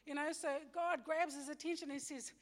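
High-voiced and steady in tone, this woman moves at a brisk clip while teaching a Bible story sermon-style. Scripture comes out in everyday slang, broken up by fillers, restarts and frequent corrections. The sound echoes with a long hall reverb.

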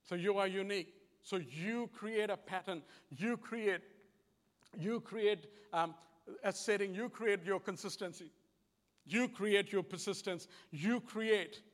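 Kiwi guy preaching, fairly high voice, earnest and repeats himself, echoey hall sound. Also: a little slow. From New Zealand. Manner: earnest, repetitive, plain-spoken. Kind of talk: conversational sermon. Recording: long hall reverb.

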